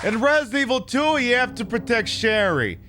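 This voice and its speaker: A man's voice: very high voice, sing-song, moderate pace, bright, forceful tone, a faint crowd, a little hiss or hum. A man streaming a video game, giving casual, rambling commentary full of sarcastic jokes and swearing.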